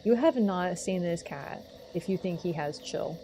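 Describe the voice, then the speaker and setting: A woman's voice: on the low side, expressive, measured pace, noisy background. A young woman livestreaming a game, chatting casually with a sarcastic, playful and teasing manner. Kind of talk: casual gaming livestream chat.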